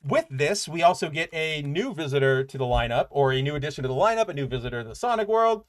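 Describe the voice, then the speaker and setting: A man's voice: on the high side, lively intonation, fast talker. A man co-hosting a podcast, chatting casually and animatedly about comic books with loose asides and fillers. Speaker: podcast co-host. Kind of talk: casual comic book review chat.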